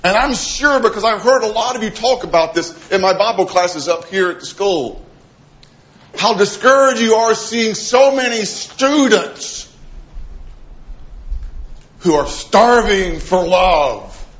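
A middle-aged male preacher delivers a sermon, animated and vivid, acting out little quoted voices, then sinking to a hushed tone to drive a point home. His voice sits on the higher side for a man. The recording is dull and lo-fi. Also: slow. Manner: animated, acts out quoted voices, drops to soft emphasis.

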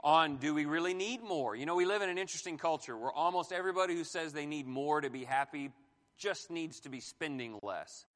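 Man, pastor, lively teaching, high voice, hall reverb. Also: a little fast. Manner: animated, asks the room questions and jokes. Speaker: pastor teaching a marriage class. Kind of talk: sermon-style Bible teaching.

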